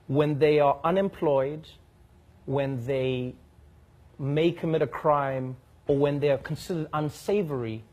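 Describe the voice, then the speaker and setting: A man's voice: on the high side, a little mellow, husky. A man hosting a comedy show, delivering a joking monologue that builds up to punchlines.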